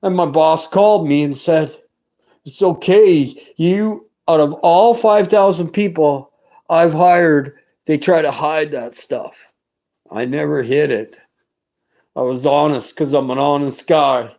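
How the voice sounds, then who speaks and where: A man's voice: fairly high pitch, takes it slowly, mellow. A middle-aged man giving a personal religious testimony, talking in an earnest, rambling and fervent way with many restarts.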